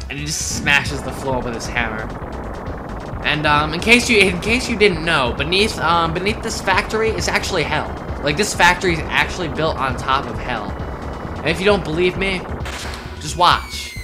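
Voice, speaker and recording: Casual young male let's-player, chatty and filler-heavy, loud game music under him. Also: on the high side. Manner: rambling, filler-heavy, joking. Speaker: let's play commentator. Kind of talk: casual gameplay commentary.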